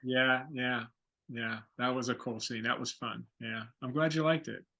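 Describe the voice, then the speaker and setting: A man's voice: mid-range voice, normal speed, gravelly, sharp tone. A man being interviewed as a guest over a video call, speaking in a laid-back way with short agreeing replies. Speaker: guest actor. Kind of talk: casual interview.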